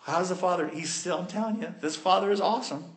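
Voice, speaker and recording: A man preaching a sermon, retelling a story with animated storytelling and addressing the congregation directly. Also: sits high, fast talker.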